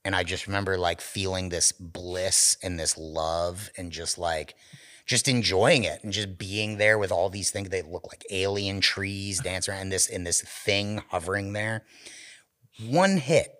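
A man's voice: low voice, unhurried. A man, a podcast co-host, telling a story in casual chat, swearing a lot and acting out the voices of the people in it. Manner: animated, profane storytelling with acted quotes.

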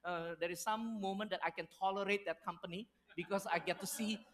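Storytelling pastor preaching. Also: male voice, high-pitched, fairly quick. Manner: storytelling with lively acted-out quotes, non-native phrasing. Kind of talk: sermon.

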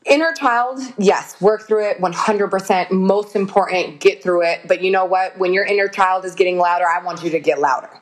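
A woman guest on a podcast, talking in a casual, animated, emphatic way, preaching about self-healing and swearing casually. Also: medium pitch, normal speed, hardly any pauses.

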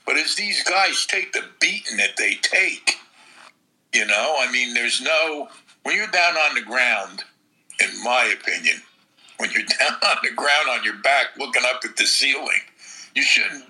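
Middle-aged podcast co-host, very bright and sharp tone, casual and reactive. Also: male voice, medium pitch, animated, unhurried, low-quality recording. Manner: casual, short reactive remarks. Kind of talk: casual chat.

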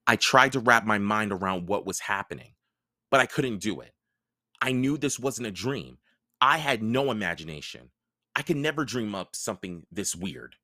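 A man reading a novel aloud as host of his own podcast, with expressive storytelling. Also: lowish voice, moderate pace, no echo, clean studio sound. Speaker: podcast host and audiobook reader.

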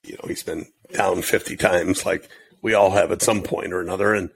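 A man co-hosting a casual podcast, playful and quick to laugh. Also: low voice, steady tone, vocal fry, husky. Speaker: podcast co-host. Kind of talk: casual chat. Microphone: studio microphone.

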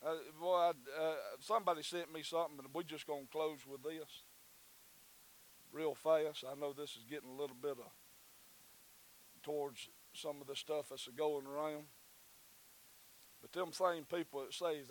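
Brief: Southern pastor, high-pitched man, folksy and fervent, sermon delivery. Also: steady tone, moderate pace, long pauses, poor audio. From Southern United States. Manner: folksy, repetitive, rising to fervent preaching.

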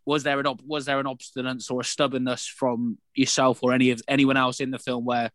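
A man's voice: mid-range voice, level tone, fairly quick, few pauses, a bit bright, no room sound. Interviewer guy, dry close sound, long winding questions. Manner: long rambling questions with restarts.

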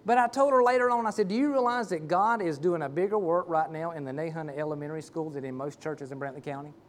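A middle-aged man preaches from the pulpit. His voice sits high for a man. He tells his story in a folksy, rambling way, full of restarts and asides. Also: fast talker. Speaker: pastor. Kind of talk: sermon with personal story.

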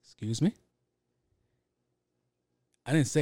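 A podcast host telling a story in a casual, rambling, profane and joking way, speaking into a studio mic. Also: male voice, medium pitch, normal speed, warm tone, no room sound. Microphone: handheld studio mic.

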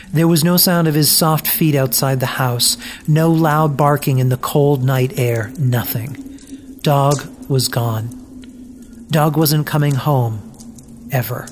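Brief: unhurried storybook reader, mid-pitched, gentle and measured, faint hiss behind. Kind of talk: scripted narration of a children's story.

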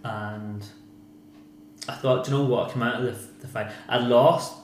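A man's voice: medium pitch, fairly even intonation, moderate pace. A man with a Northern Irish accent, a former boxer speaking frankly and a bit rambling in a casual interview, repeating himself and swearing now and then. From Northern Ireland. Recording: echoey room with noise.

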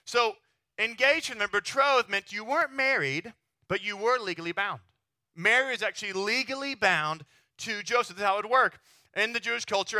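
High bright-voiced preacher man. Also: no room sound, studio quality. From Texas. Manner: animated, chatty, keeps asking the crowd "right?". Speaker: pastor. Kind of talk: sermon.

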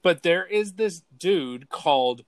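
Talk show co-host, male, animated, chatty and rambling, dry studio voice. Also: fairly high pitch, slow pace, dry recording. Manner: rambling, repeats words while searching for them. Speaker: podcast co-host. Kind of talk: casual chat.

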